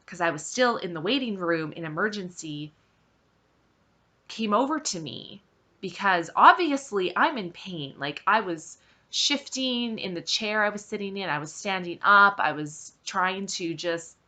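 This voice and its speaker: Lively, bright-voiced woman vlogger. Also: mid-range voice, measured pace. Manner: emphatic, candid, exasperated retelling. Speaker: vlog host. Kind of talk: personal storytelling to camera.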